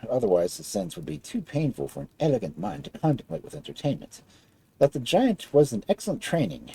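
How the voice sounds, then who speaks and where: A man reading a fairy tale aloud as a storyteller, in an expressive style. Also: gravelly, breathy edge, dry recording, rough recording. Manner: expressive storybook reading with wide swings in pitch.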